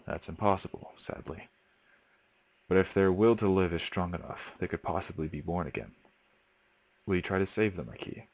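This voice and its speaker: A man voicing a calm, solemn older male spirit guide from a horror game, speaking in a measured, formal way. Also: low voice, dry recording.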